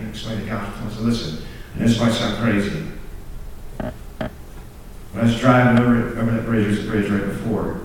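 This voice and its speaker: A young man with a lowish voice speaks briskly but pauses often, telling a story in a sermon to a student group. Earnest and self-deprecating, he laughs at his own stories and repeats or restarts words when excited. Captured from a distance in a very echoey large room full of students, with a little hiss or hum.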